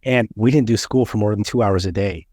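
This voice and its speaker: A man's voice: on the low side, fairly quick, a little mellow, dry recording, studio quality. A man in his thirties hosting a podcast, chatting casually and bluntly, swearing freely as he tells stories. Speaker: podcast host. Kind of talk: casual chat.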